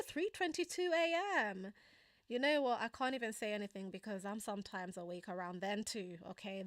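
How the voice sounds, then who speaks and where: A woman's voice: mid-range voice, dry recording, studio quality. A young woman with a Kenyan accent hosting a casual live stream, chatty, laughing often and using lots of fillers as she answers viewers. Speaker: livestream host. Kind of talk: casual live chat reading viewer comments.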